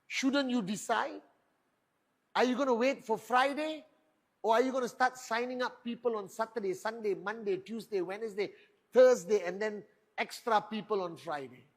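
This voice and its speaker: A middle-aged man giving a motivational stage talk, firing rhetorical questions and boasting. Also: high voice. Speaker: motivational speaker at a network marketing event.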